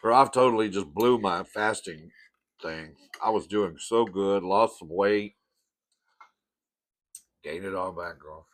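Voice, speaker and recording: A man's voice: low-pitched, slow, pauses often. A man hosting an eating show, chatting campily and calling viewers "girl" between bites. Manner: chatty and campy, calls viewers "girl", eats between sentences. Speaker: mukbang host. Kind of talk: casual eating-show chat to camera.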